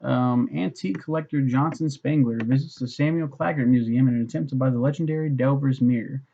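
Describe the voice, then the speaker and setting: Gravelly man ranting casually about a story. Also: medium pitch, steady tone, a little fast, mellow, highs cut off, slight background noise. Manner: swears a lot, many fillers, mocks posh voices. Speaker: book reviewer.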